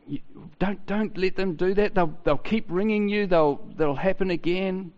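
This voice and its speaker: A man preaching a sermon in a chatty, halting way, often restarting his sentences. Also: high voice, darkish tone. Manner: conversational, halting with many restarts. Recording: dull sound with long hall reverb.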